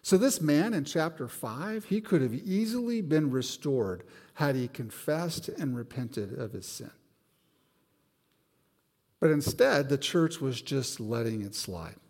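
A man's voice: medium pitch, takes it slowly, long reverb tail. A man preaching a sermon to his church, telling a personal story and acting out the voices in it. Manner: animated storyteller, acts out voices. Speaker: pastor. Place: church sanctuary.

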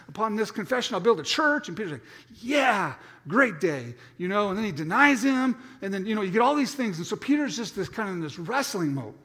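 A man's voice: a little high, fairly bright tone. A middle-aged man preaching a sermon as pastor, telling stories animatedly and acting out the voices, with frequent restarts. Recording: long hall reverb.

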